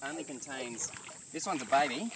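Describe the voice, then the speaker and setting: A young Australian man co-hosting a casual crabbing video outdoors by an estuary, explaining the catch and exclaiming loudly as he handles the crabs. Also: mid-range voice, animated, brisk. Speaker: co-host. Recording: distant camera mic with loud outdoor noise.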